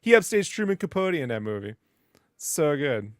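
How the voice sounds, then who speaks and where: A man co-hosting a podcast, telling excitable stories with plenty of swearing. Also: a little high, moderate pace, dry recording, studio quality. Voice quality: profane, excitable storyteller. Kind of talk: animated casual banter.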